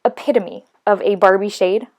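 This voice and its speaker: A middle-aged woman chatting casually through a makeup tutorial, laughing often and filling pauses with "um" and "like.". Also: medium pitch, a little mellow. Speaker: beauty vlogger.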